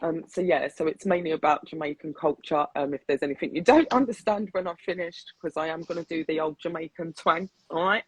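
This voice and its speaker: A man from the UK chatting casually and reciting his spoken-word poetry over a video call, relaxed and rhythmic. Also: a little high, fairly quick, hardly any pauses, breathy edge, no echo, low-quality recording. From United Kingdom. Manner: relaxed, laughs easily, rhythmic when reciting. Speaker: poet and guest.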